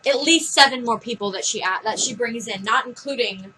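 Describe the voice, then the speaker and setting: A woman's voice: on the high side, a little fast, pushed and bright, slight background noise, poor audio. A teenage girl chatting casually on a vlog, telling rambling stories in a blunt way. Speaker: vlog co-host. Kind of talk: casual chat.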